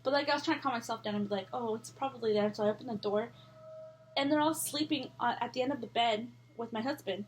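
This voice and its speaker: A woman's voice: a little high, fast, slight background noise. A young woman telling a scary story in a casual, rambling way, full of fillers and swearing.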